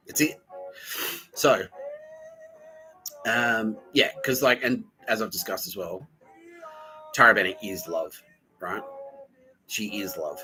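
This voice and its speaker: A man hosts a podcast in a rambling, swearing comedic monologue, stumbling through restarts and fillers. His voice sits a bit low but sounds bright and forward, with faint music underneath. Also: slow pace, long pauses, rough recording. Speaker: podcast host.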